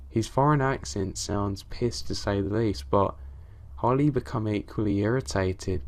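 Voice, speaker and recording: Male narrator, lowish pitch, calm first-person horror storytelling, casual swearing. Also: normal speed. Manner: low-key, steady storytelling with casual swearing.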